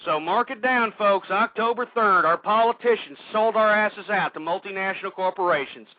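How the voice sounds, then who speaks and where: A man hosting a radio show, ranting angrily and shouting insults at his listeners. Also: high-pitched, moderate pace, dry recording, phone-quality sound. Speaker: radio host. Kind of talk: angry political rant.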